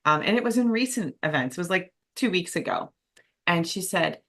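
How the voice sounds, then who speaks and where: A woman's voice: on the low side, lively intonation, moderate pace, a bit bright. A woman hosting a podcast interview, candid and enthusiastic, laughing easily as she talks. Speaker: podcast host. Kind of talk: casual interview chat.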